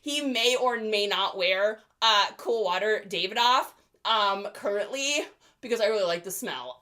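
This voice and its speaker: A woman's voice: medium pitch, normal speed, bright, forceful tone. A middle-aged woman chatting playfully in a casual vlog as an online reseller. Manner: chatty, playful, laughs a lot.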